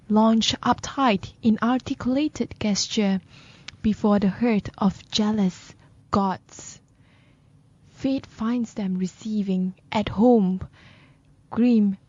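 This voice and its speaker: A woman co-hosting a radio talk show, reading poems aloud slowly and deliberately. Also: medium pitch, warm tone, dry recording, highs cut off.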